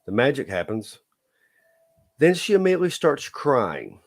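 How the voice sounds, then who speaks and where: A man's voice: medium pitch, huge pitch swings, normal speed. A man telling a dating story in a blunt, folksy way, lecturing listeners with a repeated "okay?". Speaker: dating advice vlogger. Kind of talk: casual storytelling monologue.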